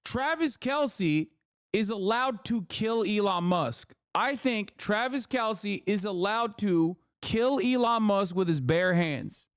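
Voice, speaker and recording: A man's voice: sits high, animated, clear, resonant tone, no echo, clean studio sound. A man in his thirties streaming live, ranting angrily and with heavy profanity as he reacts to posts. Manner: angry, profane ranting, fast and emphatic.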